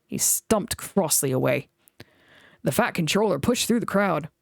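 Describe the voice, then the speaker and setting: A woman reads a children's storybook aloud with animated expression and a lively, swinging pitch. The recording is dry and close, with no room sound. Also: measured pace, gravelly, no echo. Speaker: storybook reader. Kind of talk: reading a children's book aloud.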